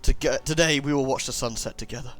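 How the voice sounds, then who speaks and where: A man voicing an aging seaman from a video game, soaked in drink and sentiment. He speaks in grand, dramatic, old-fashioned phrases, slow and deliberate, in a comedy accent. The voice sits in a middling register. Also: medium pitch, steady tone, soft background music, close to an everyday voice. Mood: tender, grateful. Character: elderly male drunken sailor, sentimental about his lost ship.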